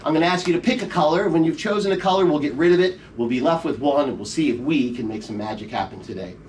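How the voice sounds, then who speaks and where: Fast and fairly high-pitched with a darkish tone, a middle-aged man banters and teases volunteers while leading each trick in a comedy magic show. The recording comes from the audience, a front-row camera in a theater show room, with his stage voice distant and faint room noise behind it.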